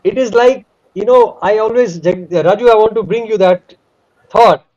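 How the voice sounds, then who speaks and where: A man retelling a devotional scripture story with animated emphasis. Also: high-pitched, normal speed. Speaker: spiritual storyteller. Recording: dull lo-fi recording.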